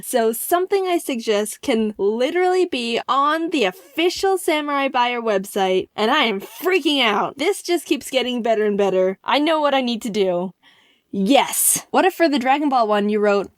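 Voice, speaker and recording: A young adult woman narrating a comedic animated story in an excitable, self-mocking way. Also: fairly high pitch, normal speed, no room sound, clean studio sound.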